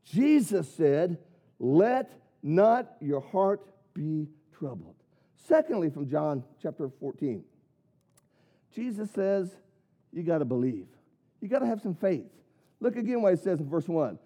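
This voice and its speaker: A man's voice: fairly high pitch, big pitch swings, moderate pace, dark tone, breathy edge. A man preaching a sermon, earnest, with many rhetorical questions and punched key words. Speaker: pastor.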